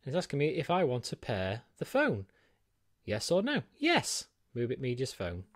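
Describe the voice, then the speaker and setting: A man's voice: mid-range voice, wildly swooping pitch, moderate pace, no room sound. A man giving a chatty, self-deprecating walkthrough of a gadget in his small home studio, with plenty of ums. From United Kingdom. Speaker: tech reviewer. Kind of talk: unboxing and set-up walkthrough.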